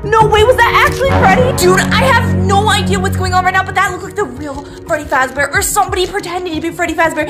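A young woman vlogging a dramatic skit at home at night, talking excitably with lots of filler words. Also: extremely high pitch, quick pace, few pauses, over music. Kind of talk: scripted skit vlog.

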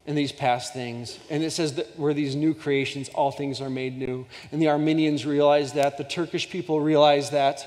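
A man's voice: a little high, darkish tone. A man preaching a sermon as guest speaker, telling a story earnestly and with passion, often restarting his sentences. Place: church sanctuary. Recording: long hall reverb.

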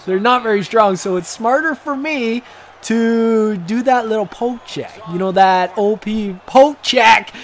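High-voiced excitable gaming commentator man. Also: unhurried. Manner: rambling, joking, excitable, swears. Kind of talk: casual gameplay commentary.

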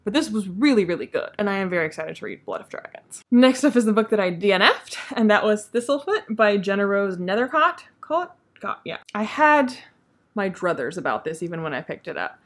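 A woman talks casually through the books she read this month. She is opinionated and candid and laughs often. Her tone is relaxed, like an unscripted video diary. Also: mid-range voice, fairly quick. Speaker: book reviewer. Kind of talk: casual monthly reading wrap-up.

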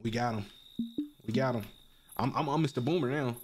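A man giving casual, excitable commentary while playing a video game, joking, laughing and swearing often. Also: medium pitch, brisk, heavy background noise. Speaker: gaming streamer.

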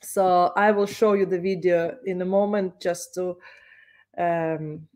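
A woman's voice: lowish voice, steady tone, slow pace, a little mellow. Woman, instructor, online lecture, hesitant, lots of fillers. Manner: hesitant, many fillers while explaining.

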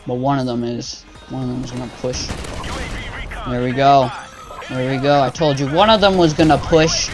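A young man doing live gameplay commentary for his gaming channel, trash-talking his teammates in slang and getting easily frustrated. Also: on the high side.

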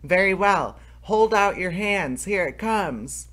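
A man's voice: mid-range voice, unhurried. A man reading aloud as a tiny, cheeky thumb-sized boy in a storybook, pert and prone to bawling. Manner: pert, cheeky, bawls out loud.

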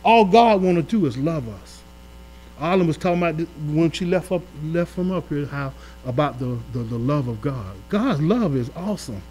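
A man preaching to a live congregation, his slightly high voice swelling into emphatic peaks and dropping into quiet, folksy asides. He talks in a colloquial way and keeps checking in with the room. A steady mains hum sits under the live-streamed church recording. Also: moderate pace, low-quality recording. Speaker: pastor. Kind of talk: sermon. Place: church during a live-streamed Bible study.

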